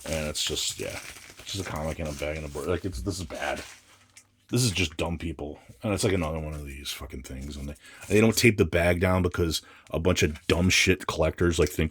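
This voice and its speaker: A man's voice: rumbling low, a little fast, husky. A man vlogging while unboxing comics, grumbling and swearing in a casual, exasperated rant. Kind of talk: casual ranting unboxing vlog.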